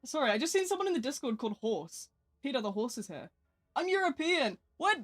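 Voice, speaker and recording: A woman's voice: on the high side, sing-song, quick pace. A young woman with a British accent chatting casually on a live game stream, rambling and self-deprecating as she reads her chat aloud from a home desk mic.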